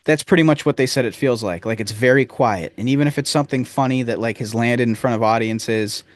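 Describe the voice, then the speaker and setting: A man's voice: medium pitch, a little fast, no room sound. A man co-hosting a podcast in casual chat, rambling and joking, sometimes slipping into silly impressions. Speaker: podcast co-host.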